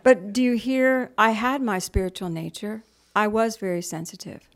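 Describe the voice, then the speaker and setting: This spiritual teacher, a middle-aged woman, chats with a group through stories, acting out other people's voices and lowering to soft whispers for emphasis on key ideas. Her pitch is medium, her intonation fairly even, and her pace moderate.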